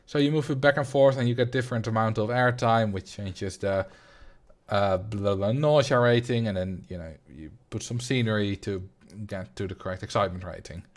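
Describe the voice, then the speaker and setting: A man's voice: fairly low pitch, normal speed. Rambling Dutch man streaming. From Netherlands. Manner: rambling, reads chat aloud and answers. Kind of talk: casual livestream chat.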